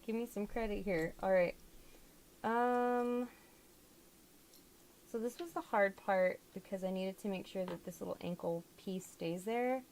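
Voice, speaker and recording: A young woman vlogs about dolls, chatting casually through a fiddly crafting job at home and frequently exclaiming as she works. Her mid-range, slightly mellow voice is unhurried with long pauses, and there's slight background noise.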